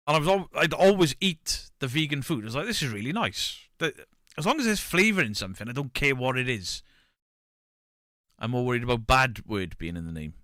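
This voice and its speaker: A man streams and banters casually with his chat, reading messages aloud and shouting mock pub-landlord bits. His voice is medium-pitched, with clean studio sound and no room echo.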